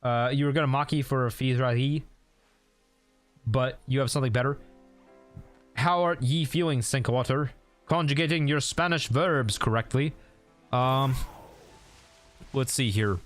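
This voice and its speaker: Young male streamer, rambling casual gaming chat, average pitch, faint music bed. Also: a little slow, long pauses. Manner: rambling, easily sidetracked, laughs at own stories.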